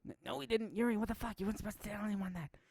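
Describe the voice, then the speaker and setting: A man voicing a sweet, timid teenage schoolgirl who cries easily, with a high, soft, whimpering voice. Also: fairly even intonation, very fast, no echo. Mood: flustered.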